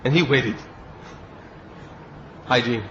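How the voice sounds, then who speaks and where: A man's voice: medium pitch, takes it slowly, a bit bright, a little hiss or hum. Man telling a devotional story, lo-fi. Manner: storytelling, acts out quoted speech. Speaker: spiritual teacher giving a class.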